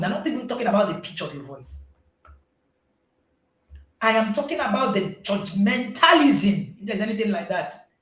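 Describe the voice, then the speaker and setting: A woman coaching parents in a motivational talk, hammering home each point by saying it twice. Her voice sits at an ordinary middle pitch. The recording carries a noticeable roomy echo. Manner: emphatic, repeats key phrases for stress.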